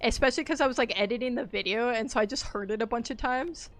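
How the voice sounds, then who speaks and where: This streamer talks fast in a voice on the high side, with faint music behind her. She keeps up a rambling, casual chat as she games, laughing frequently and reacting out loud to the action.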